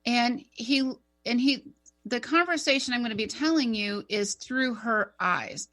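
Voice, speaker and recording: A woman's voice: on the high side, unhurried. A middle-aged woman co-hosting a radio talk show, telling a personal story in a chatty, rambling way. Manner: animated, chatty, rambling with fillers.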